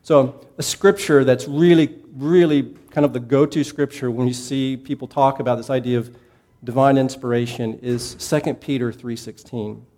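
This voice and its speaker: A man leads a Bible class with a mellow, relaxed voice. He talks in an easygoing, conversational way, stops to ask his listeners questions, and goes back over his key points. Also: mid-range voice, normal speed. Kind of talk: casual classroom teaching.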